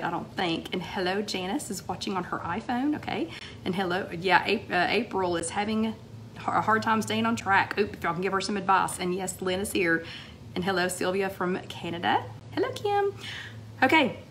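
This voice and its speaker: A woman, a little hoarse, hosting a casual live-stream chat and greeting viewers by name. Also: medium pitch, a bit bright, a little hiss or hum. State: slightly hoarse. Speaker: livestream host. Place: home, TV playing in the background.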